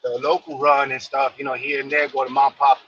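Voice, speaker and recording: A man's voice: medium pitch, monotone, brisk, fairly bright tone, muffled recording, slight background noise. A man from New York casually telling a long, rambling story, full of fillers and repeated phrases.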